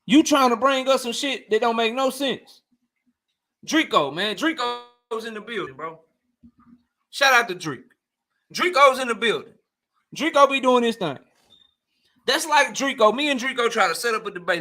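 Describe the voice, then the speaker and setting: A man's voice: very high-pitched, lively intonation, moderate pace, pauses often, sharp tone. A young man hosting a casual livestream debate, talking heated and slangy, repeating himself and often laughing. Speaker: host.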